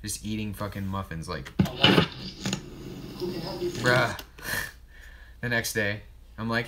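A man's voice: lowish voice, takes it slowly, long pauses, very noisy. A man hosting a casual livestream, joking and mocking himself with lots of swearing while he cooks. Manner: profane, joking, self-mocking.

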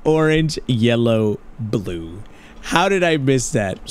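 A man giving excitable, profane let's play commentary, talking straight to his viewers and dropping Spanish slang exclamations. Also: mid-range voice, takes it slowly, smooth. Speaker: gaming channel host.

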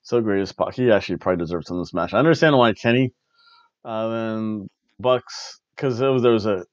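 A man hosting a wrestling review podcast, recapping a show in casual chat and slipping into quick mimicry of wrestlers. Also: lowish voice, no room sound, dull audio. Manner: animated, mimics wrestlers and announcers in quick asides.

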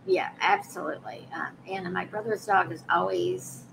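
A woman's voice: on the low side, normal speed, gravelly, a bit bright, slight background noise, low-quality recording. Woman host reading viewer questions. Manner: friendly, reads out viewer questions. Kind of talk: hosting a live chat.

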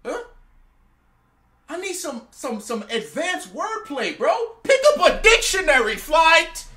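A man hosts a comedic reaction to a rap video, teasing the lyrics and laughing often. His voice swings widely in pitch as he talks. The tone is bright and forceful. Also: takes it slowly. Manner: animated, mocking, laughs often. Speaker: music reaction host. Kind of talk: comedic music reaction commentary.

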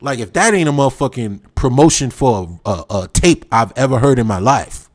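Male livestream host, animated and slangy, mid-pitched, talks to the chat like old friends. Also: a little fast. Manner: animated, slangy, reminiscing, talks straight to viewers.

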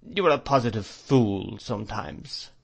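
A man's voice: on the low side, animated, unhurried, creaky, husky, heavily acted. Stern, cold spinster aunt figure, clipped and scolding, read by a male narrator; storybook reading. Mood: scornful. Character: stern, harsh spinster woman, cold and disapproving.

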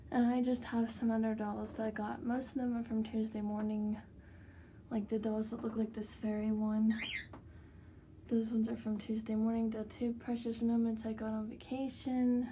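A woman's voice: a little high, level tone, moderate pace, mellow, a little hiss or hum. A woman casually showing her doll collection in her bedroom, chatty and rambling with frequent fillers. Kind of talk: casual room tour vlog.

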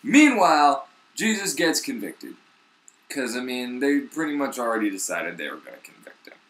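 A man's voice: medium pitch, sing-song, normal speed, a bit bright, reverberant. A young man, the host, retelling a story in rambling, slangy casual talk full of swearing.

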